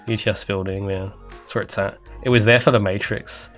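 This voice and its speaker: A man's voice: on the low side, fairly even intonation, fairly quick, a bit bright, soft background music. A young Australian man livestreaming his game development, chatting casually and rambling with self-mocking jokes to his viewers while he codes. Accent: Australian, often taken for Canadian. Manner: rambling, self-mocking, jokey asides to chat. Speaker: indie game developer streaming.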